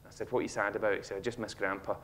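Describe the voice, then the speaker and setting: A man in his thirties with a Scottish accent, giving a humorous motivational talk on stage and acting out a child's lines with animated storytelling. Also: on the low side, racing. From Scotland. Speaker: speaker. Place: auditorium stage.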